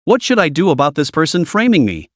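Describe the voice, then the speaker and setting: A man's voice: fairly high pitch, sing-song, quick pace, fairly bright tone, dry recording, studio quality. A man voicing a cheerful, sly young man with a breezy, mocking manner.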